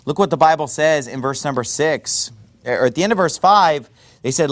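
A man preaching a sermon in a conversational, digressive way with quick rhetorical asides. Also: a little high, animated, a bit bright.

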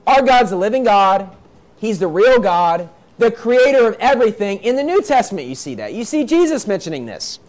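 Reading scripture and unpacking it in plain, emphatic language, this preacher repeats his points and acts out the voices he quotes. His high voice swings widely in pitch at a moderate pace.

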